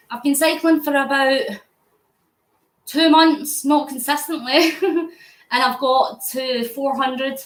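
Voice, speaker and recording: A woman's voice: high-pitched, roomy sound, low-quality recording. A Scottish woman from near Glasgow, hosting a live stream and chatting while she answers viewer comments as she cycles. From Scotland. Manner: chatty, answers comments aloud with frequent laughs; talking while cycling. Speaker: fundraising vlogger.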